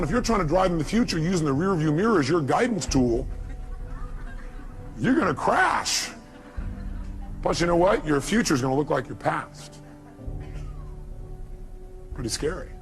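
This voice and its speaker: A man delivering a motivational talk with a somewhat raised voice, throwing rhetorical questions at the crowd. He swings from loud, punchy bursts down to quiet, confiding asides. A clear music bed plays under his speech. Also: fairly high pitch. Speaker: motivational speaker.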